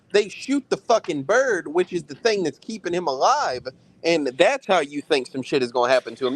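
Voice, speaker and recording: A man co-hosting a film review chat, talking in an animated, profane, slang-heavy way. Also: a little high, rough recording. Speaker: podcast co-host reviewing films. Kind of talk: casual chat.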